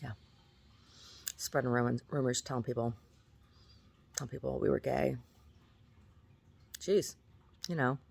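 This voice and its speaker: Rambling gravelly woman vlogger. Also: extremely low pitch, fairly even intonation, unhurried, long pauses, darkish tone. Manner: rambling, laughing, self-mocking storyteller; repeats words and restarts often. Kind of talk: casual monologue to camera.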